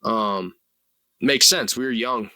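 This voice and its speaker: A young man in his twenties talks through a solo podcast in a loose, rambling way, leaning on fillers and dropping swear words. His tone is very bright and sharp-edged. The sound is dry and close, with no room echo. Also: mid-range voice, takes it slowly. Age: 20s. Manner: earnest and rambling, full of "like" and "you know", casual swearing. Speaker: podcast host. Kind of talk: casual solo podcast monologue.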